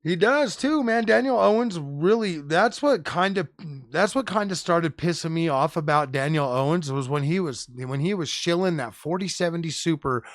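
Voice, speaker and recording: Casual male tech streamer, fired-up slangy rant, fairly high voice, dry close sound. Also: normal speed, no echo. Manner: animated, profane, slangy with frequent "bro" and "dude".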